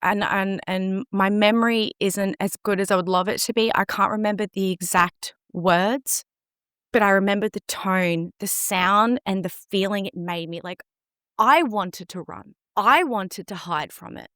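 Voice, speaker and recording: A woman speaks earnestly and openly as she recounts a painful personal story to an interviewer. Her voice sits at a medium pitch, and the recording is close and dry, with no room sound around her. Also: measured pace, fairly bright tone, clean tone, no echo. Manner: earnest, emotionally open. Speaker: guest recounting events.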